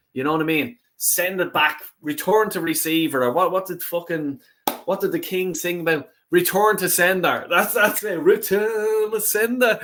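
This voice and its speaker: A man's voice: medium pitch, a bit bright. Sweary rambling football fan man. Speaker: football fan channel host. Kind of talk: casual livestream chat.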